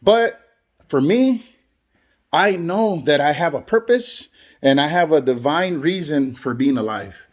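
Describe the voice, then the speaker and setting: A man's voice: on the high side, lively intonation, measured pace. A man who is a barber and father, talking earnestly in a motivational vlog and repeating phrases for emphasis. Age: adult, has kids. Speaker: barber and vlogger.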